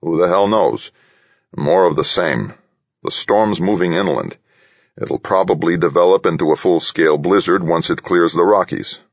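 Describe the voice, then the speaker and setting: A man narrating a novel voices a weary, grumbling forecaster with a very deep, husky growl. The read sounds dry and slightly muffled. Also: moderate pace, dry recording. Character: gruff, weary male meteorologist, middle-aged.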